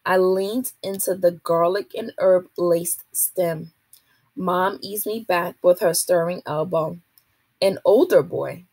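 A woman, a teacher, reading a children's novel aloud to a class in a steady, expressive way. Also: lowish voice, slow pace, breathy edge, dry recording.

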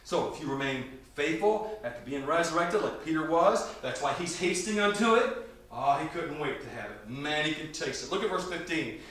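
Emphatic high-voiced preacher in an echoey church. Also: male voice, animated, normal speed. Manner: emphatic, shifts between loud and quiet. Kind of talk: sermon. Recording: echoey church hall from a distance.

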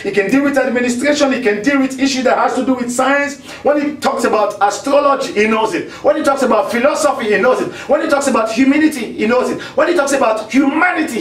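A man preaching a televised sermon as pastor, swinging from low dramatic drops to rising shouts. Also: reverberant, recorded from a distance, rough recording.

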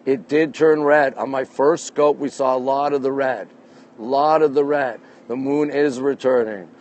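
A man's voice: mid-range voice, fairly even intonation, normal speed, darkish tone, a little hiss or hum. Chatty man live-streaming from a rooftop. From Canada. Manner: chatty, greets viewers by name, upbeat. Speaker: livestream host. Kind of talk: live-stream chat reading viewer comments. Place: rooftop deck outdoors at night. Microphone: phone held in hand.

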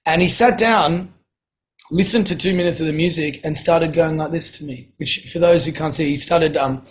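A middle-aged man, a guest telling casual anecdotes in a relaxed, chatty way and often clearing his throat. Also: a little high, moderate pace, low-quality recording. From Australia. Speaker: guest, singer-songwriter.

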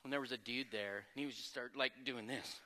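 A man pastor preaching a sermon with lively energy, moving between loud exclamations and quieter, conversational asides. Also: medium pitch, brisk, long reverb tail. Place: church sanctuary.

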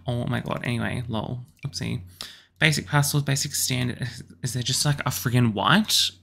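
A young Australian man chatting casually and excitedly as he builds a house in a video game, with lots of apologetic asides. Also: mid-range voice, normal speed, creaky, slight background noise. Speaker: YouTuber building houses in a life-sim game. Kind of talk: casual gameplay commentary.

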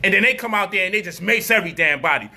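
High, sharp-voiced man ranting mockingly. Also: very fast. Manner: animated, profane, mocking, acts out quoted voices. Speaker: commentator. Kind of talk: street-style commentary monologue.

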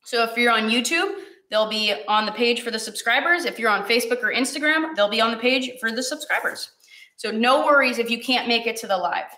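Teary, bright-voiced woman hosting a cooking class. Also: a little high, fairly quick, reverberant. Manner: chatty, encouraging, talks to viewers while cooking. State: teary and sniffly from cutting onions. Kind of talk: live-streamed cooking class.

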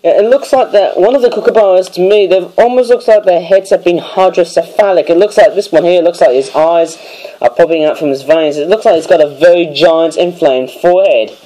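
A hoarse man with an Australian accent, rambling through a casual product review vlog and often correcting himself. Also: high voice, a little fast, warm tone, poor audio. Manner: rambling, hesitant, self-correcting. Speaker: toy reviewer.

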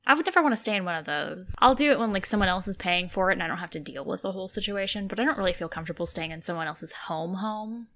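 A woman in her thirties co-hosts a casual podcast, talking candidly and swearing freely. She tells stories with frequent laughter, and her voice sits at an ordinary middle pitch. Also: expressive, fast talker, few pauses, a bit bright. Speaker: podcast co-host. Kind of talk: casual chat.

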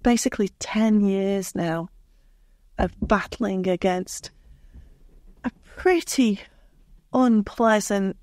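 A woman's voice: medium pitch, slow, long pauses, darkish tone, no echo, clean studio sound. A woman chatting on a podcast, rambling and sweary with a heated edge. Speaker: podcast co-host. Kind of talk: casual podcast chat.

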